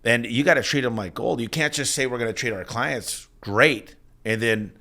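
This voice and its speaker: A man in his forties, a business owner telling stories as an interview guest in an energetic, emphatic way. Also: mid-range voice, normal speed. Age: 40s. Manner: energetic, emphatic storyteller with frequent restarts. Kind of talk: casual interview talk.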